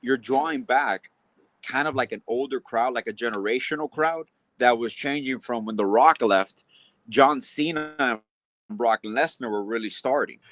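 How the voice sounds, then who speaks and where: Male co-host, relaxed live-stream banter, mid voice, dry close recording. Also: medium pitch, moderate pace, no room sound. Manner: easygoing, agreeable, laughs along. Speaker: sports talk show co-host. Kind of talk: casual sports chat on a live stream.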